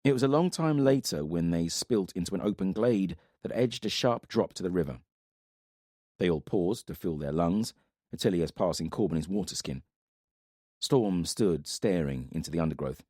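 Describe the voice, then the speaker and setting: A man narrating a fantasy audiobook in a dramatic, steady manner. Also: low voice, moderate pace, dry recording, studio quality.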